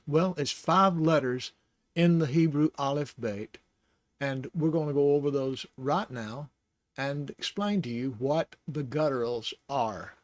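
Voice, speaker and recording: A man teaching the Hebrew alphabet in a casual, rambling way, sounding out syllables slowly and chuckling now and then. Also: medium pitch, no echo. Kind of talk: casual lesson.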